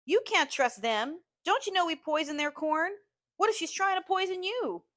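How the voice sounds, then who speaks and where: A woman's voice: extremely high pitch, expressive, moderate pace, fairly bright tone, pitched above the performer's own voice. A woman voicing a blunt middle-aged Southern housemaid, firm and plainspoken. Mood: firm reassurance.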